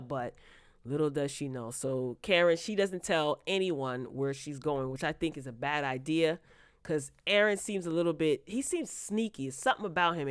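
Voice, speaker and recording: A woman's voice: sits low, fairly bright tone, clean tone, no room sound, studio quality. A woman recapping a TV episode in casual chat, breaking off into incredulous, sarcastic asides. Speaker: TV recap vlogger.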